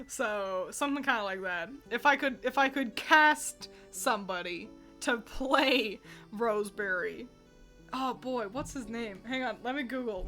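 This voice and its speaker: A woman's voice: on the high side, bright, forceful tone. A woman streamer in casual, rambling chat, laughing often as she reacts to fan art.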